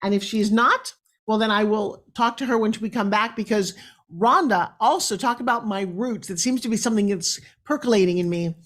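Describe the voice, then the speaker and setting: A woman's voice: mid-range voice, normal speed. A middle-aged woman from New York hosting a talk show, enthusiastic and chatty as she tells stories. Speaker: host.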